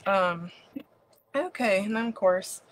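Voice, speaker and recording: A woman from Virginia, hosting a craft livestream in a chatty, bubbly way, her voice leaping high on greetings. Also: slow, slight background noise. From West Virginia. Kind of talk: casual live-stream chat.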